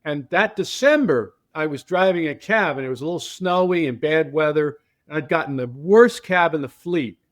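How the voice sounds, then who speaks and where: An older man tells a story as a podcast guest, lively and animated as he slips into the voices of the people in it. His voice sits a little higher than most men's. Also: normal speed, few pauses. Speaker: guest, transportation company founder. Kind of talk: casual storytelling.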